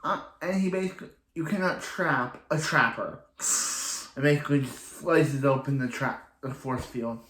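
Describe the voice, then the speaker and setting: A man in an echoey room talks at an ordinary mid pitch. He retells a TV episode in a loose, rambling way and keeps circling back on himself. His sentences are chained together with repeated fillers as he works through the plot. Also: normal speed, a bit bright. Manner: rambling, repeats "so he's like" a lot. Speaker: TV show reviewer. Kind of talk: casual episode recap.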